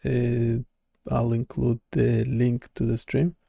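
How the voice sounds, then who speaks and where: A man hosts a casual live web development stream, his voice deeply gravelly and dark. He talks in halting, hesitant bursts, restarting his sentences as he thinks aloud. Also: monotone, no echo, clean studio sound.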